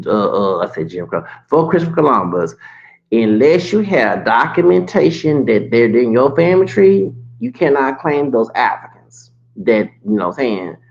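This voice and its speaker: A man's voice: mid-range voice, creaky, dull audio. A man in his late forties ranting to his viewers in a heated, rambling monologue, swearing and restarting his sentences. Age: 40s. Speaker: vlogger.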